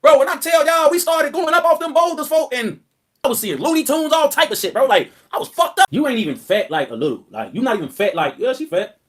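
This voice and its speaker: High-voiced young man ranting. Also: fast. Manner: profane, animated storytelling, laughing often. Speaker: rapper on a livestream. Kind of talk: casual livestream rant.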